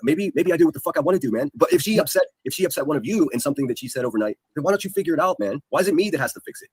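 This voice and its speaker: Husky, fast-talking man ranting. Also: on the high side, lively intonation, dry recording, studio quality. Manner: heated, defensive, profane. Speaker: streamer. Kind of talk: casual live-stream chat.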